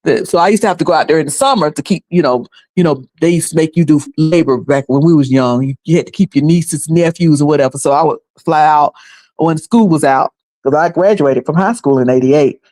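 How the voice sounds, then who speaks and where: A woman's voice: low voice, brisk, a little mellow. A woman. She is chatty and loose, laughs often and restarts her sentences as she goes. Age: 50s. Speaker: commentary channel host. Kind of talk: casual commentary.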